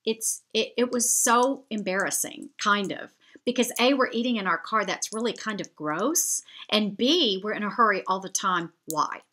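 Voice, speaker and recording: A woman talks straight to her viewers, telling a story in a chatty, heartfelt way. Her voice is bright and forward, with a pitch in the middle range for a woman. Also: expressive, normal speed. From United States. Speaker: vlogger. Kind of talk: storytelling to camera.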